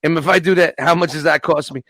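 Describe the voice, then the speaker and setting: A man's voice: on the high side, steady tone, quick pace, a bit bright, dry recording. A middle-aged man hosting a casual podcast chat, profane and joking, often talking over the others. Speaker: podcast host.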